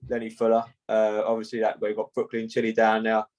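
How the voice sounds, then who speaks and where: A young man, a boxer chatting casually in an interview, laid-back and halting, often saying "mate" between fillers. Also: lowish voice, monotone, a little mellow, poor audio.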